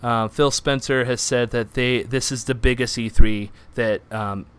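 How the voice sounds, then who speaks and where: A man hosting a casual podcast chat, animated and quick to laugh, often restarting his sentences. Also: mid-range voice, clear, resonant tone. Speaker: podcast host.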